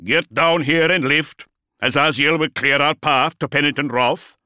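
A sly, commanding armoured warrior barks orders in a raised voice, as a male narrator puts him on. His tone is bright and forceful. The sound is close and dry. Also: mid-range voice, fairly even intonation, moderate pace, smooth, no room sound, voice pushed up.

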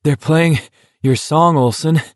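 Male reader voicing a dry, needling teen boy, breathless, raised pitch. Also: measured pace, a little mellow, no echo, close to an everyday voice. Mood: wry. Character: wry, breathless teenage boy walker.

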